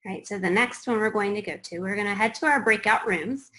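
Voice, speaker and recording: A woman's voice: mid-range voice, fast, a bit bright, rough recording. Woman running a webinar, casual, lots of ums, mid voice. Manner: conversational, thinking aloud with fillers. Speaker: webinar presenter. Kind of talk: online webinar facilitation.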